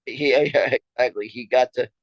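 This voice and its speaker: A man's voice: medium pitch, no echo. Male co-host, casual chat; stumbles and repeats himself, laughs through his stories, dry dull lo-fi sound. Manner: rambling, halting storytelling with many repeated words; laughs often while talking. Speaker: podcast co-host.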